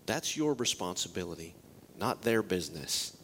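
A man's voice: mid-range voice, normal speed, slight background noise. A male pastor preaching a sermon in a joking way, asking the congregation many questions. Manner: lively, joking, rhetorical questions.

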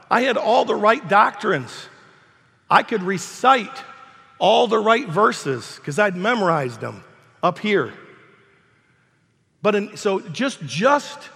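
A man's voice: sits high, gravelly, fairly bright tone, breathy edge, big-room sound. An older man preaching a sermon as pastor, emphatic and repetitive, in a church sanctuary.

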